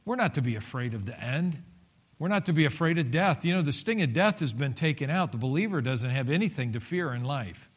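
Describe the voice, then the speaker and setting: A man's voice: a little high, lively intonation, a little fast. A male pastor preaching a sermon in a loose, conversational way, with many restarts and fillers and bursts of emphasis.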